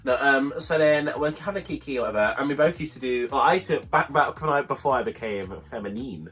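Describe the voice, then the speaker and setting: A man's voice: medium pitch, a little fast, slightly rough. A young man co-hosting a review show, telling a long story in casual chat and acting out the voices of the people in it. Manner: chatty, animated storyteller, acts out voices. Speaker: podcast co-host.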